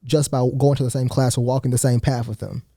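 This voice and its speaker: A teenage boy from Atlanta, Georgia, calmly answering questions as a guest on a school podcast. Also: mid-range voice, quick pace, no echo, clean studio sound. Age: teens. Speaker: guest student. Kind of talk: casual interview answers.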